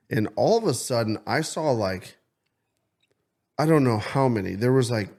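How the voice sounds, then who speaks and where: A man co-hosting a podcast, telling stories in excitable casual chat and swearing often. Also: medium pitch. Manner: excitable storyteller, swears a lot. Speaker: podcast co-host.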